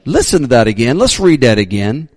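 A male pastor preaching a sermon, emphatic, sometimes shouting his readings, joking about himself. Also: mid-range voice, sing-song, brisk, no room sound.

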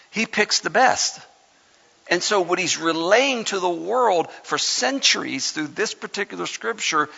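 A man's voice: high voice, creaky, pushed and bright. A man preaching a sermon conversationally, reading scripture with dramatic emphasis. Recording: lo-fi sound in a reverberant hall.

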